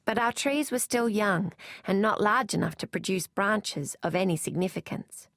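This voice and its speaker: A woman narrating a novel aloud in first person, in a measured, even manner. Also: medium pitch, no room sound, studio quality. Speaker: audiobook narrator.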